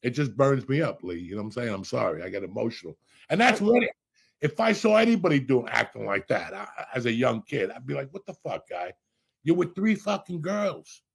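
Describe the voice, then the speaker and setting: A middle-aged man hosting a podcast, a loud, profane storyteller with a gravelly, husky voice. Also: mid-range voice, very animated, fast. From Cuba. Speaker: podcast host.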